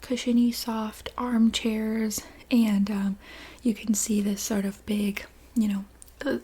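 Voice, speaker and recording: A woman narrating a guided visualization in a whispered role-play, soft and meandering, with many fillers. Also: fairly high pitch, husky. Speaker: ASMR storyteller.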